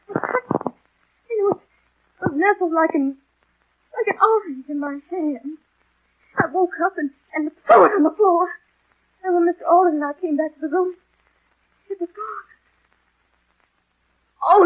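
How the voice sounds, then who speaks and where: A high-voiced, frightened young woman from a vintage radio drama. She speaks in breathless, halting bursts, close to tears. The sound is thin and narrow like an old broadcast. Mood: anxious. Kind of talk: 1940s radio acting.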